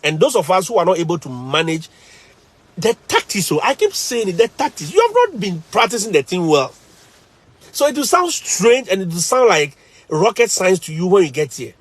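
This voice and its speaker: Guy on a casual live stream, kinda high voice, chatty, laughs a lot. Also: husky, no room sound. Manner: animated storytelling, laughs often, repeats phrases. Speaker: teacher and vlogger.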